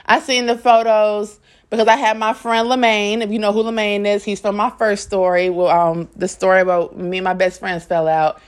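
A woman's voice: mid-range voice, flat delivery, normal speed, smooth. A young adult woman telling a personal story to her viewers in a blunt, profane, candid way, often acting out what people said. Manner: dramatic storyteller, acts out quotes. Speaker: vlogger.

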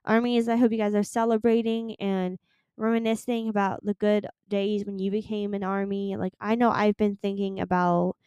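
A woman's voice: medium pitch, level tone, moderate pace, darkish tone, clear, resonant tone, no room sound, clean studio sound. A young woman hosting a solo podcast, chatting in a gushing, rambling way and swearing casually. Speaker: podcast host.

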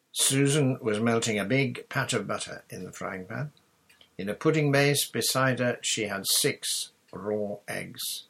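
A male narrator reads a children's adventure story in a steady storytelling manner. His voice sits low with a gravelly, husky grain. The delivery is even and scripted. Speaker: audiobook narrator.

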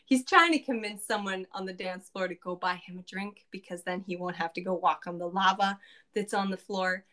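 Chatty woman player recapping a game session, mid-pitched, lots of "like" and asides. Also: a bit bright. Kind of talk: casual recap of a tabletop game.

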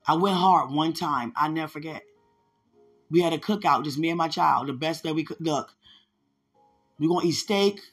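A woman with a husky, slightly rough voice tells her personal testimony on a podcast. She talks in an earnest, conversational way and often turns to address her listeners directly. Faint music plays softly behind her. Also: low voice, normal speed, pauses often. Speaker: podcast host sharing a testimony.

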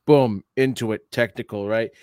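In clean studio quality with no echo, a man co-hosts a podcast recapping a TV episode. His medium voice is a little mellow, his intonation fairly even, and his pace moderate, and he laughs often while acting out quoted lines.

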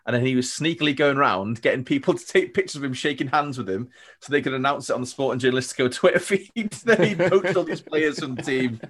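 A man's voice: medium pitch, animated, fast talker, fairly bright tone. A young man telling stories as a podcast guest, chatty and rambling, laughing often. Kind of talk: casual storytelling chat.

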